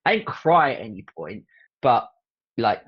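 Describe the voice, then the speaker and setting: A man's voice: mid-range voice, measured pace, slightly rough, dull audio. A man, hosting a podcast and chatting casually, telling stories with laughs and the odd swear word. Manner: animated, laughing storyteller who swears casually. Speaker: podcast host. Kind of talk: casual chat.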